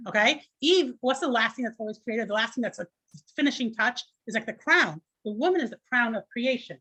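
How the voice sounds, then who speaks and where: A woman's voice: fairly high pitch, expressive, fairly quick, fairly bright tone, husky. A woman teaching an informal class, chatty and conversational, with many fillers and restarts.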